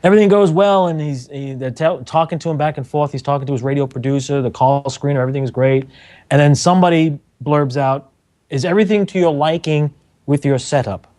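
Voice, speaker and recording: A middle-aged man, a radio engineer, telling lively anecdotes on a talk show and acting out the quotes. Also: a little high, brisk. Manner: animated storyteller, acts out quotes, laughs often.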